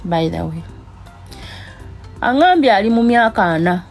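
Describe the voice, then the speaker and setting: A woman speaking in a measured, earnest way to her followers. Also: medium pitch, expressive, faint music behind. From Uganda. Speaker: TikTok creator. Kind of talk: apology talk to camera.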